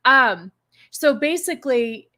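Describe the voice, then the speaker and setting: High-voiced, blunt stream host woman. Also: lively intonation, slow, sharp tone. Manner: blunt, swearing, exclaiming. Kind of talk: casual chat reacting to a book summary.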